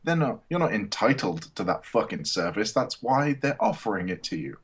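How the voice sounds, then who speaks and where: A man's voice: lowish voice, big pitch swings, moderate pace, breathy edge. A young man, a podcast co-host, ranting bluntly and profanely in casual chat.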